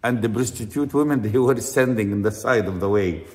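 A man's voice: on the low side, a little fast, a little mellow, long reverb tail. Arabic-accented male preacher telling a story. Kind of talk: storytelling sermon.

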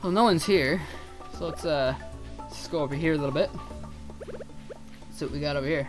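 A man giving casual, rambling gameplay commentary as a let's player. He swears freely and thinks out loud. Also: a little high, brisk, faint music behind. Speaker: let's play gamer.

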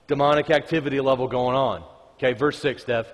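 A pastor delivers a conversational sermon in a church sanctuary, reading scripture aloud and joking with the congregation. His medium-pitched voice is steady and fairly quick, echoing through the reverberant church hall.

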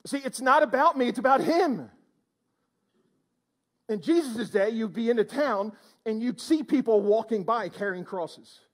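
A male preacher with a strikingly high voice delivers a sermon to his congregation in church. His pitch swoops up and down as he exclaims and throws questions out to the room. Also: lively intonation, measured pace. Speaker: pastor.

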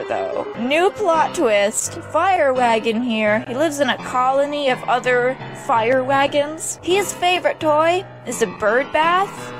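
A woman hosting a game video, talking through her gameplay in an excitable, jokey way with silly asides. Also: a little high. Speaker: gaming channel host. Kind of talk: playful gameplay commentary.

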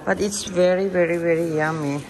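A woman's voice: lowish voice, fairly even intonation, moderate pace, rough recording. A woman from India chatting cheerfully in simple English for her vlog at an ice cream shop, laughing often. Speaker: vlogger. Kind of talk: casual vlog chat. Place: ice cream shop at night, busy with people. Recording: crowd chatter behind.

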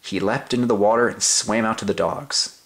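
Reading a children's story aloud at a normal pace, this young man has a lowish, gravelly voice with a fairly bright tone. He hams it up in a playful, exaggerated, sing-song way.

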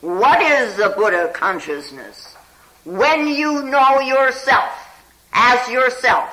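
In a rough recording, a medium-pitched meditation teacher relates a Zen story as part of a spiritual talk. The delivery is bright, lively, relaxed and chatty, peppered with "you know," with frequent "hmm?" and "huh?" to check in on listeners.

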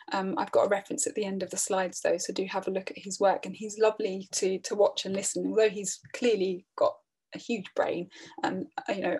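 A middle-aged woman presenting a training webinar in a calm, earnest way, often restarting her phrases. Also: mid-range voice. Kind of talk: online training talk.

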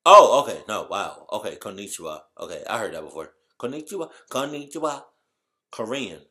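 Dude vlogging, slangy and excitable, voice jumps all over the place. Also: male voice, deep voice, fairly quick. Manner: animated, loud exclamations, slangy. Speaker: YouTuber. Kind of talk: casual reaction vlog.

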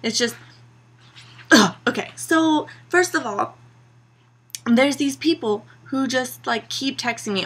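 A woman's voice: fairly high pitch, a little slow, fairly bright tone, slightly rough. A young woman vlogging to her camera, a sarcastic and exasperated rant full of "like" and "you know". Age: young adult.

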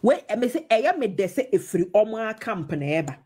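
A woman's voice: mid-range voice, sing-song, brisk, a little mellow, breathy edge. A woman with a Ghanaian accent giving opinionated TV commentary, switching between English and Twi with emphatic, mocking remarks.

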